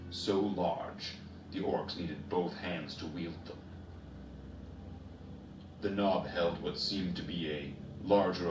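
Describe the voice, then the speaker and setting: Deep-voiced man narrating slowly. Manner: measured, steady narration. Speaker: storyteller. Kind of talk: story reading. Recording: roomy, distant, noisy ambience.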